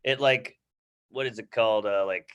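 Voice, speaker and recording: A man's voice: lowish voice, normal speed, fairly bright tone, clear, resonant tone, lo-fi sound. A man, a stand-up comedian, giving brash, self-mocking advice to a class in casual, profane chat. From New York. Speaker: guest comedian.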